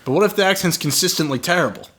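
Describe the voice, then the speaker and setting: A man's voice: high-pitched, animated, rapid-fire, a bit bright. A man co-hosting a casual film review podcast, giving blunt, joking opinions. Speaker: podcast co-host.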